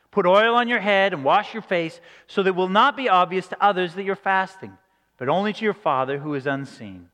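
A man's voice: sits high, fairly bright tone, long reverb tail. A man preaching a sermon in a conversational way, acting out quoted reactions. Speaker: pastor.

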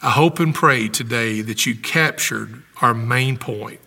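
A man's voice: medium pitch, unhurried, creaky, sharp tone, husky, long reverb tail. A man preaching a sermon as pastor of a church, fervent and emphatic, his voice swelling as he drives his points home. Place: church sanctuary.

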